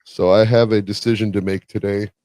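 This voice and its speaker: A man co-hosting a casual stream chat, laid-back and rambling as he thinks out loud. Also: on the low side, flat delivery, quick pace, no echo. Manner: laid-back, rambling, weighs options aloud. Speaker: podcast co-host.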